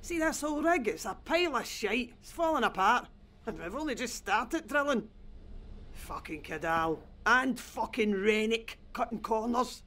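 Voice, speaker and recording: A sweary Scottish rig worker. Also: male voice, very high voice, lively intonation, normal speed, bright, forceful tone, exaggerated voice. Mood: grumbling. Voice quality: blunt, sweary, matter-of-fact. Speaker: oil rig worker, game character. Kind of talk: game voice acting.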